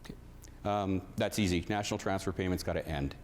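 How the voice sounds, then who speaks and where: A man's voice: deep voice, a little fast, a little hiss or hum. A man running for office, answering bluntly and emphatically. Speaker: election candidate.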